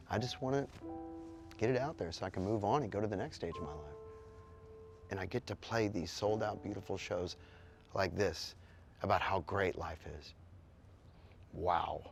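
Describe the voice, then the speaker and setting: Man, middle-aged, blunt, animated, swears, low voice. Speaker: musician. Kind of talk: interview answers.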